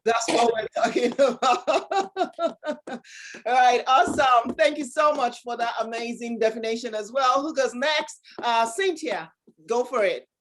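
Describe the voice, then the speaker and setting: A woman's voice: fairly high pitch, unhurried. A woman hosting an online workshop over a video call, bubbly, laughing often and full of exclamations. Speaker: workshop host.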